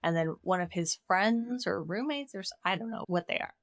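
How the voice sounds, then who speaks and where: Speaking briskly in a fairly low pitch, this woman recaps movie scenes on a podcast she co-hosts. She keeps the chat casual and animated, performing the characters' quoted lines, all captured in a dry recording.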